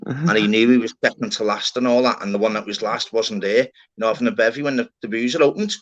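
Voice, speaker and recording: Speaking quickly with a lowish voice and fairly even intonation, a man hosts casual chat on a live stream panel via online call. He rambles, swears, and leans heavily on "innit" and "lad", captured in muffled, lo-fi stream sound.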